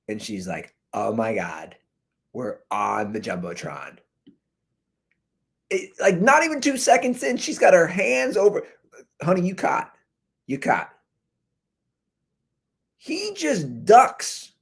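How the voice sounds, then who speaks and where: Male podcast host, high and bouncy delivery, animated joking rant, laptop mic. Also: slightly rough. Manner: animated, jokey, talks over clips. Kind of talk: ranting commentary on viral videos. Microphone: computer's built-in mic.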